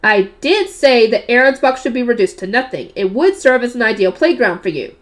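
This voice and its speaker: A woman reading the lines of a stern, cold-eyed young noble man, voicing him blunt and commanding, a little lower than her own voice. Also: animated, a little fast, natural voice. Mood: cool, matter-of-fact.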